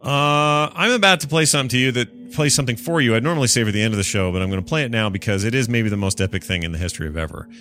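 A man hosting a podcast who talks casually, with an excitable, rambling manner, into a close studio mic. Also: mid-range voice, rapid-fire, few pauses, soft background music. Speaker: podcast host.

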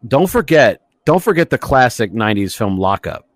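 A man co-hosting a casual podcast, riffing on old movies with profanity and sudden shouted impressions. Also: mid-range voice, sing-song, moderate pace. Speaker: podcast co-host.

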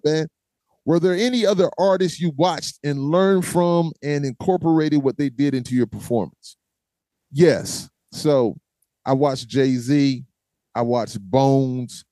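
A man hosting a fan Q&A, telling lively stories about his band's tours in a casual way, often calling people "man" and acting out voices and chants. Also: mid-range voice, no room sound. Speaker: host answering fan questions; former vocalist of a metal band. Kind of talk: casual storytelling Q&A.

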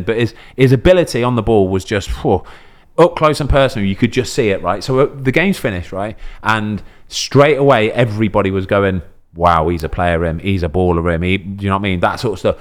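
A man, a podcast host and professional footballer, chatting casually and telling animated stories, often checking in with "you know what I mean". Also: on the low side.

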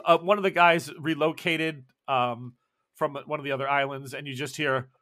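A man's voice: on the high side, steady tone, pushed and bright. A man narrating a tabletop role-playing game as game master, playful and often laughing. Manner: playful, laughing, quick voices for townsfolk.

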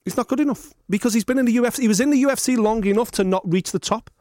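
Podcast host, man, high voice, animated sweary ranting, dry mic. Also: very fast, no room sound. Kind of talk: casual chat.

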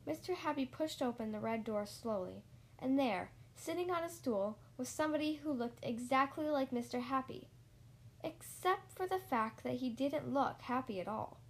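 Brief: woman storyteller, slightly high voice, unhurried bedtime-story reading. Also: expressive. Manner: slow and deliberate, lingering on repeated phrases. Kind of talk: reading a children's story aloud.

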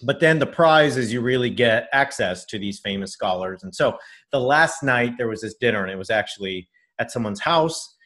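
A middle-aged man spins a long personal story at an easy podcast pace. His voice sits at an ordinary pitch and he rambles, circling back with fillers and restarts. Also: animated, normal speed, a bit bright. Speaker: podcast co-host telling a story. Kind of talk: casual storytelling.

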